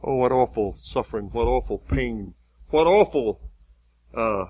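A man preaching a sermon, retelling a story vividly with halting restarts. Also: medium pitch, animated, darkish tone, muffled recording.

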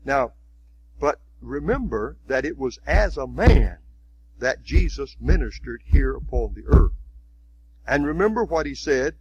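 A man's voice: medium pitch, animated, measured pace, a little mellow, lo-fi sound, slight background noise. A man preaching a sermon in a folksy, conversational way, often adding "you see".

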